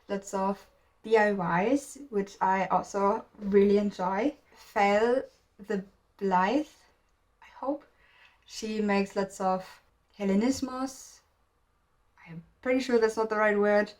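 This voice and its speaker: A woman's voice: medium pitch, a little mellow. A woman from Germany talking casually to camera in a vlog, rambling, often restarting sentences and stopping to search for words. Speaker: video creator.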